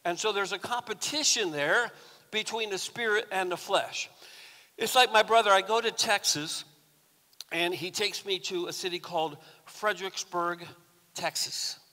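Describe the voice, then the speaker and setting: Male pastor, fairly high voice, folksy story-filled sermon, long church-hall reverb. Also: normal speed, pushed and bright. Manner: conversational storytelling with humor. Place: church sanctuary.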